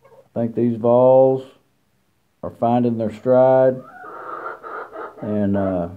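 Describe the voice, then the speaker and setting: A man's voice: mid-range voice, fairly even intonation, very slow, a little hiss or hum. A man talking casually at a chicken coop outdoors, rambling and teasing, with lots of fillers. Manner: folksy, teasing trash talk with many fillers. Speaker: college football fan vlogger. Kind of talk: casual rambling fan commentary. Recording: tinny phone-like sound outdoors. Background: chickens clucking.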